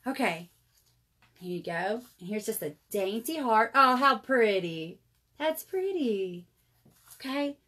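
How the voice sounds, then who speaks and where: A woman's voice: fairly high pitch, sing-song, slow pace, pauses often, sharp tone. Chatty woman selling jewelry. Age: 30s. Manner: chatty, addresses viewers as y'all. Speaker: jewelry seller. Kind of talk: live jewelry sales stream.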